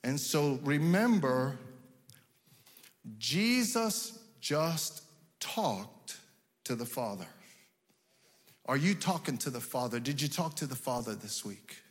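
A male pastor preaching a sermon, building to loud shouted emphasis, in a church. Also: mid-range voice, lively intonation, takes it slowly, long pauses. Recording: long reverb of a church hall.

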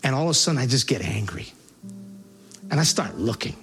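A man recounts his past in an earnest, halting way, often restarting his sentences. His voice sits at a middle pitch for a man. Soft music plays faintly behind him. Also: animated. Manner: voice rises sharply when reliving angry moments. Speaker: person giving a personal testimony. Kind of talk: spoken personal testimony.

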